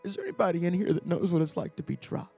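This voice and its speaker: A high-pitched male pastor delivers a storytelling sermon. He drops to a near hush, then climbs into shouts, repeating words as he builds momentum. Soft music plays faintly behind him. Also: racing, vocal fry, husky. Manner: storytelling, swings from hushed to shouting.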